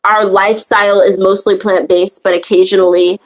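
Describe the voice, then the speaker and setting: Chatty woman host of a spiritual circle, mid-pitched, rambling casual teaching full of ums and restarts. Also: flat delivery, a little fast, rough recording.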